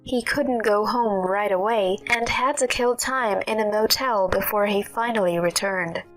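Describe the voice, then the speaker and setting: A woman reading a scripted first-person story in a steady storytelling manner. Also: mid-range voice, measured pace, soft background music, low-quality recording. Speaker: narrator. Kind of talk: scripted narration.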